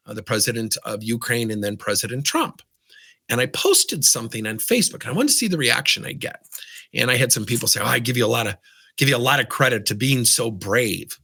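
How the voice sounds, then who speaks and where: Energetic male coach, lively swooping delivery, slightly husky tone. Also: medium pitch. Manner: animated, asks rhetorical questions. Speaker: business coach. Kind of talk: lively coaching talk to camera.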